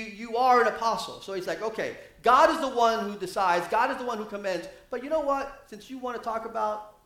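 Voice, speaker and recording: A man preaches a sermon with a high-pitched voice, his delivery animated and climbing when he quotes scripture. The sound carries the echo of a roomy space.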